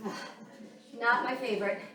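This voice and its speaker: Breathless high-voiced woman coaching a workout. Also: steady tone, normal speed, sharp tone. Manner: counts down and cues moves while working out. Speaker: fitness instructor. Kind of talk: workout coaching while exercising. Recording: echoey room, voice from far off, music playing.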